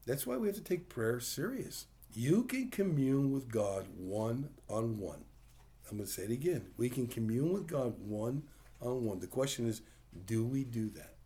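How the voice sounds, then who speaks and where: A man's voice: medium pitch, expressive, a little slow, warm tone. A man preaching a conversational sermon, plain-spoken and full of rhetorical questions. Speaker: pastor.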